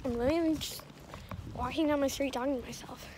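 A woman's voice: high voice, steady tone, fast, very noisy. A young female vlogger chatting casually and sarcastically while walking down a snowy street outdoors. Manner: sarcastic, self-mocking. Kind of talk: casual vlog chat.

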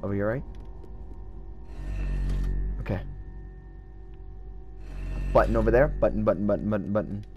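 Excitable young-sounding gamer guy. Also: fairly low pitch, moderate pace, pauses often, muffled recording, soft background music. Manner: excitable, swearing, talks to himself. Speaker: let's play gamer. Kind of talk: casual gameplay commentary.

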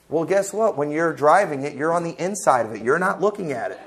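A man's voice: fairly high pitch, lively intonation, a little fast, few pauses. A man pastor preaching a sermon in church, emphatic and conversational, full of rhetorical questions.

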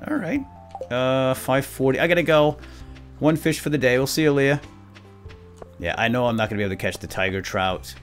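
A young man hosting a casual let's play, goofing around and jumping between squeaky put-on voices and low mumbles. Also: fairly bright tone. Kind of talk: casual gameplay commentary.

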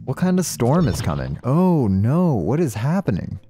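A man streaming a puzzle game live, talking through it in an excitable, joking way and thinking aloud. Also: mid-range voice, normal speed, faint music behind. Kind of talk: live gameplay commentary.

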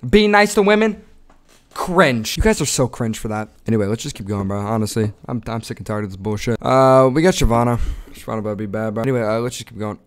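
A young man giving casual vlog commentary with crude, slang-heavy banter that breaks into excited yelling. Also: lowish voice, fast. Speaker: content creator.

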